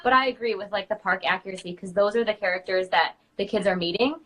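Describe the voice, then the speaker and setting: Bright-voiced chatty woman. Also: medium pitch, quick pace, rough recording. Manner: chatty, with many fillers. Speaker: guest princess character performer. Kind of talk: casual chat. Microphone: live video stream.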